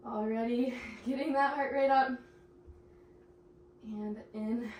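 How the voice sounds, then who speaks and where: A young woman guides a pilates class, cueing each move and counting down while she works out herself and runs short of breath. Her voice sits a bit high, and it comes from some distance in an echoey room with faint background noise. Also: fairly even intonation, slow, long pauses, darkish tone. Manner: encouraging cues, breathless laughs while exercising. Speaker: pilates instructor. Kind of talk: instructing a workout class.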